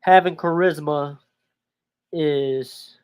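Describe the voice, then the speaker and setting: A man hosting a show, casually commenting on a video and thinking out loud. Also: on the high side, extremely slow, smooth. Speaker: host.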